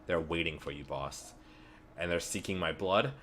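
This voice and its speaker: Man reading a gruff, dismissive factory boss. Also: low voice, normal speed, fairly bright tone, slight background noise. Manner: reads game dialogue aloud, dismissive. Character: gruff rich older male factory boss.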